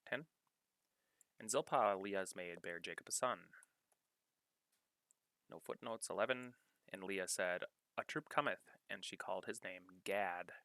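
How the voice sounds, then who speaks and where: Male scripture reader, deep and sharp-edged, measured study-note delivery. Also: no room sound. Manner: measured, deliberate reading, pausing to cite references. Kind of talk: reading scripture aloud with study-note commentary.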